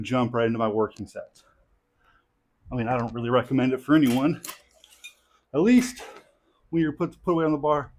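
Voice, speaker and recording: A young man talking casually while training in his home garage gym, tired and a bit out of breath, rambling with lots of fillers. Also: medium pitch. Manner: relaxed, rambling, many fillers. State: tired, out of breath between sets. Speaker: strength athlete vlogging his training. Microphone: clip-on mic.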